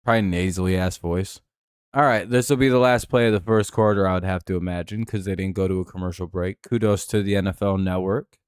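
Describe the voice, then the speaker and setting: A man's voice: low voice, fairly even intonation, fast, clear, resonant tone, no room sound. A man hosting a live stream, giving laid-back, dry play-by-play and chatting with viewers. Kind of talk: casual game-watching commentary.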